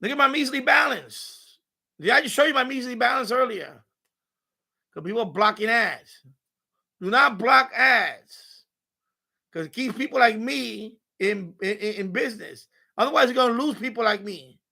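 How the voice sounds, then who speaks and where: High, gravelly man ranting on a live stream. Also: moderate pace. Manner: animated, profane ranting with mocking asides. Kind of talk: rambling live-stream chat. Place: home radio room.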